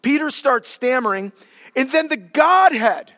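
High-voiced male pastor preaching a jokey, animated sermon in an echoey church hall. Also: a little slow. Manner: animated, jokey, dramatic shifts in volume.

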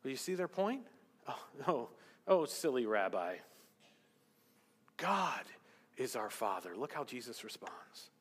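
A man preaching a sermon as pastor, swinging between loud emphasis and hushed asides. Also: medium pitch, very animated, a little slow, husky. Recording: long hall reverb.

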